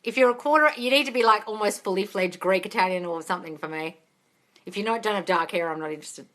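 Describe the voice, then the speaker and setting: Her voice is mid-range and a touch bright: a manifestation coach in her thirties answering viewers' questions live on stream. She's talkative and quick to laugh, swears without fuss, calls her viewers "darling," and is picked up by a phone microphone.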